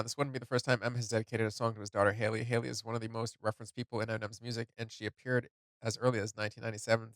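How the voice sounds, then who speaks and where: A tearful man hosting a song reaction, talking in a halting, emotional way as he comments on what he hears. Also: fairly low pitch, fairly bright tone, no room sound. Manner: halting, emotional, thinking aloud. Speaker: music reaction host.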